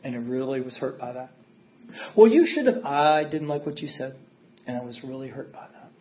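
A man's voice: medium pitch, flat delivery, fairly quick. A middle-aged man telling his recovery story at a meeting, candid and emphatic, circling back on repeated phrases. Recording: tinny phone-like audio.

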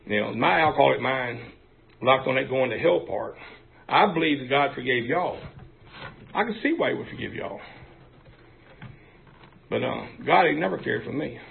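A man's voice: medium pitch, lively intonation, normal speed, gravelly, pauses often. A man giving a frank, folksy recovery testimony, full of fillers. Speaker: speaker sharing at a recovery meeting. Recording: tinny phone-like recording, faint hiss.

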